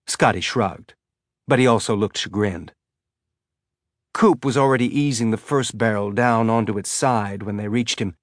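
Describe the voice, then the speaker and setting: A man reading a story aloud in a measured, even narration. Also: fairly low pitch, dry recording, studio quality. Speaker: audiobook narrator. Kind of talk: scripted narration.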